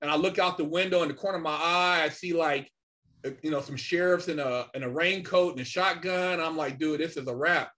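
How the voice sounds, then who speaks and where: High-voiced man telling a street story. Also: a little fast, pushed and bright. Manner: slangy, loose, full of "man" and "you know". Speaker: podcast guest. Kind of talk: casual storytelling.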